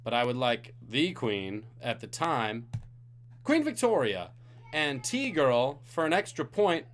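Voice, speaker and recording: A man's voice: medium pitch, big pitch swings, slow pace, soft background music. A tired man hosting a live-streamed trivia game, reading out questions and joking with the chat between them. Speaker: trivia host.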